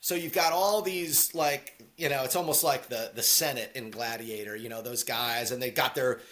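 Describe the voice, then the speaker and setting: Podcast guy riffing on a movie, jokey and rambly, bright voice. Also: medium pitch, moderate pace. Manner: rambling, jokey, acts out quotes in silly voices. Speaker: podcast co-host. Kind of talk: casual movie chat.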